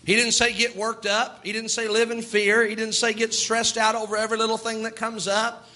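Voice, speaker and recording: A man's voice: sits high, steady tone, moderate pace, hardly any pauses, pushed and bright. A man preaching a sermon, emphatic and repetitive, acting out the doubts of his listeners. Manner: emphatic, repeats words, acts out quoted doubters.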